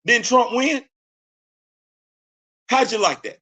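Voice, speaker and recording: Heated, high-pitched man ranting. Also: normal speed, a bit bright. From United States. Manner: heated, blunt, preachy. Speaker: host. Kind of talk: political commentary rant.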